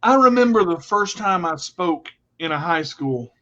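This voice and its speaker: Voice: medium pitch, expressive, a little slow, sharp tone. A co-host on a casual radio show who tells stories with a playful, joking manner. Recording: dull lo-fi sound.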